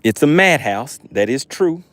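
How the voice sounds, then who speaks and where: A man hosting a fishing livestream from a boat outdoors, excitable, calling out catches and chatting with viewers. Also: mid-range voice, a little slow, no echo. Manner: excitable, reads chat aloud, exclaims. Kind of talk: live fishing stream chat.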